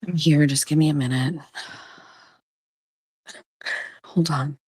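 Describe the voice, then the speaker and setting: A woman with a lowish voice chats casually through her morning vlog. She talks softly and coaxingly, urging her pets along. The sound is dry and close, with no room echo. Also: steady tone, slow, husky. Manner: soft, coaxing talk to pets. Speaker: vlogger.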